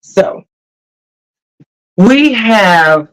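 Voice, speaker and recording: Chatty host on a livestream, laughs a lot, tells stories all animated, smooth clear voice. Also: mid-range voice, very slow, poor audio. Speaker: cruise channel host. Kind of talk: casual livestream chat.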